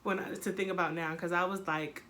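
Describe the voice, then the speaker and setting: A young woman with a bright, forceful voice tells a story to her camera in a casual, blunt way. She swears freely, talks in an animated way, and acts out the lines of the people in her story. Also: lowish voice, fairly quick, slight background noise. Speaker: vlogger.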